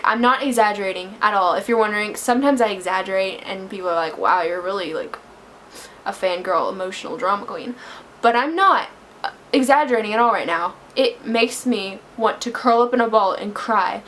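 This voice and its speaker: A young woman talks through a movie review in a casual vlog, gushing and emotional. Her voice sits a little high, and her feelings keep spilling into it. A faint hiss runs under the recording. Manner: gushing, emotional, breaks into laughter and near tears. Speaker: book vlogger.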